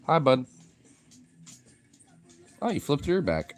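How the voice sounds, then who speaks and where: A young man with a low voice that swings widely in pitch, drifting between slow, cooing baby talk for his pets and easy chatter to his stream. He swears freely and talks at an unhurried pace, with faint music playing behind him. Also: big pitch swings. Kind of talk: casual live-stream chat.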